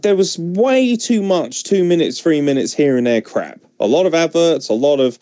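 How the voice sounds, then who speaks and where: A man's voice: a little high, expressive, normal speed, few pauses, mellow, no room sound, clean studio sound. A young English man with an English accent hosting a podcast in casual, blunt, joking chat. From England. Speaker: podcast host.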